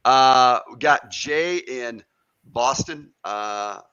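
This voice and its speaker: A man hosting a live stream, greeting viewers in a friendly, halting way with many uhs. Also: mid-range voice, lively intonation, pushed and bright, dull audio. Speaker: host. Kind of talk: live-stream shout-outs. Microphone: video call.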